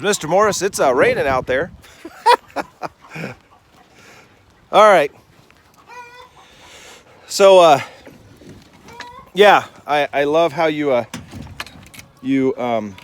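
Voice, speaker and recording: A man giving a casual devotional vlog while doing farm chores outdoors, rambling and talking fondly to his animals. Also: fairly high pitch. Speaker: Christian vlogger. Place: outdoors on a rainy farm and in a chicken coop. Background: chickens clucking nearby.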